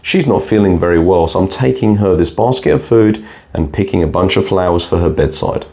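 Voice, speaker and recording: A trusting little girl in a red hood, as a man reads her for a bedtime storybook, gentle and innocent, a deep voice that climbs a bit for her, unhurried and soft. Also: expressive, gravelly. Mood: nervous.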